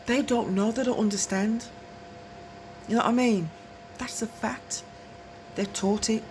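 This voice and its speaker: A woman's voice: a little high, fairly even intonation, measured pace, darkish tone, a little hiss or hum. A woman tells a long, rambling story to camera, often asking whether you follow and laughing between phrases. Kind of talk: casual storytelling monologue.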